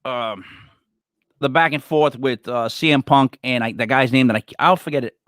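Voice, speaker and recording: A man co-hosting a casual wrestling podcast, excitable and stumbling over his words. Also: mid-range voice, moderate pace, no echo, studio quality. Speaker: podcast co-host.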